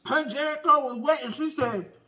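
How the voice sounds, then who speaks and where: A performer playing a loud, gossipy middle-aged auntie in a comedy skit, telling a story while eating. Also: sits high. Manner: animated, talks between bites of food; exclamatory, drawn-out "baby", "child", "honey". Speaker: comedy mukbang character.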